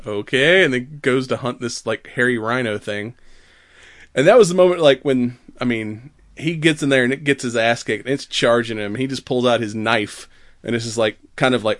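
A man chatting casually on a podcast, animated and laughing often as he acts out quotes. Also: mid-range voice, moderate pace, no room sound, clean studio sound. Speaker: podcast co-host. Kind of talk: casual chat.

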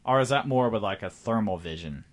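A man's voice: lowish voice, animated, fairly quick. A man co-hosting a casual podcast, joking and filling his talk with "like" and "you know". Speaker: podcast co-host.

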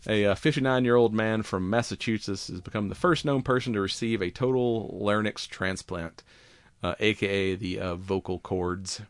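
A man's voice: fairly low pitch, moderate pace, clean tone, no room sound. A man co-hosting a casual podcast, reading science news in a rambling way with lots of fillers, swearing and laughs.

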